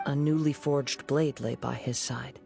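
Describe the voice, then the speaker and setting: A composed young wandering swordsman speaks in a measured, gentle way. His mid-range voice has a gravelly edge of fry. Clear game music plays behind him. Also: mid-range voice, fairly even intonation. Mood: reflective. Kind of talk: game voice acting.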